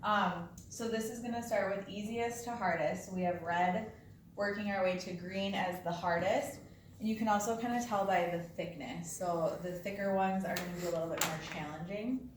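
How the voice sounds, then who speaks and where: A woman's voice: mid-range voice, moderate pace, noisy background. A woman demonstrating resistance band exercises for coworkers in a casual, chatty way, often checking in with "okay?" and getting a little out of breath. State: slightly out of breath. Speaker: workplace fitness instructor. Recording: echoey room, voice from far off.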